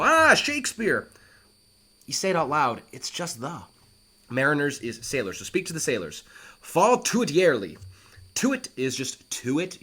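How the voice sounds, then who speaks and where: A man teaching a play line by line, animated and reassuring, who breaks into acted quotes as he explains. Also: medium pitch. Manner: talks straight to the student, reassuring.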